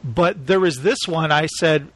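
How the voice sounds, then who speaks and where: A man hosting a casual podcast, telling animated stories and slipping into quick voice impressions. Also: on the high side, dry recording. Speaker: podcast host.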